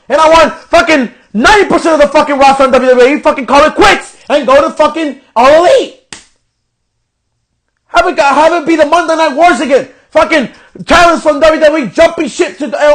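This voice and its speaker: High-voiced man ranting angrily. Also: a bit bright. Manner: frustrated ranting with heavy profanity. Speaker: podcast host. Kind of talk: angry wrestling show review.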